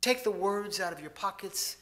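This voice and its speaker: Elderly great aunt, as a man quotes her, loving, coaxing, slow, bright voice. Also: high-pitched, animated. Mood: tender, coaxing.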